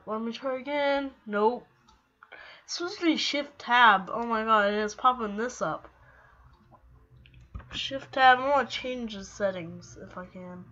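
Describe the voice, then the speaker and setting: A woman's voice: a little high, bright, forceful tone, muffled recording. A young woman commenting on her own online match, flustered and exclaiming as things go wrong, a little out of breath. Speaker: gaming video host. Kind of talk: casual gameplay commentary.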